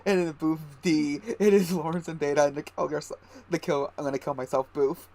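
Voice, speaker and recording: A man's voice: fairly high pitch, steady tone, fairly quick, a little mellow. A man streaming a game, chatting casually with friends in a rambling, self-correcting, joking way. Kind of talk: casual gaming chat.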